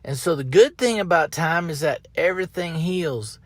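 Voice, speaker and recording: A man hosting his own podcast talks in a loose, folksy ramble, circling back and repeating his phrases. His voice sits a little higher than most men's. The sound is dry and close, with no room echo. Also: lively intonation, normal speed. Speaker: podcast host. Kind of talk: casual motivational monologue. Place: outdoors up in a tree.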